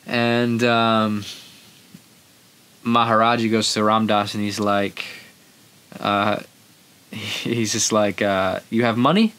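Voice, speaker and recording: A man's voice: on the low side, completely flat delivery, slow, long pauses, pushed and bright, clean tone. A man hosting a podcast, telling a story in a rambling, casual way and acting out the quotes. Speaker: podcast host.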